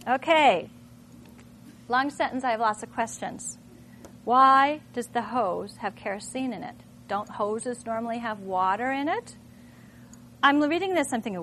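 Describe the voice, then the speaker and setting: A middle-aged woman teacher with a high, bright-sounding voice talks through a lesson. She thinks aloud in an animated way and keeps firing off rhetorical questions. A faint hum of the room sits behind her. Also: measured pace. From Minnesota. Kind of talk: classroom demonstration talk.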